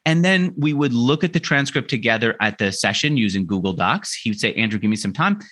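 Male podcast guest, mid-range voice, lively conversational storyteller who voices the dialogue he quotes. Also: mid-range voice, a little fast. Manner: animated, acts out quoted dialogue.

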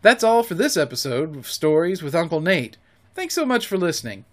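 A man hosting a podcast, reading a children's story aloud with expressive narration. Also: a little high, fairly quick.

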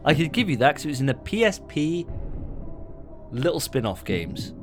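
Brief: male co-host, lively pitch swings, banter and swearing, faint music under. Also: moderate pace. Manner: banter-heavy, swearing, animated. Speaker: podcast co-host. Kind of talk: casual drinking-game chat.

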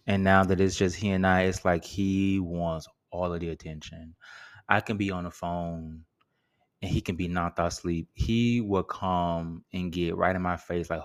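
A man talks through his solo podcast in a relaxed, joking way, full of slang and asides. His voice sits fairly low. He sounds easygoing and chatty. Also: unhurried. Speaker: podcast host.

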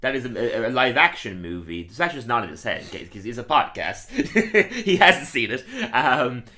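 A man's voice: medium pitch, sing-song, normal speed, pushed and bright. A man hosting a podcast in casual, rambling chat, often stammering over restarts. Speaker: podcast host.

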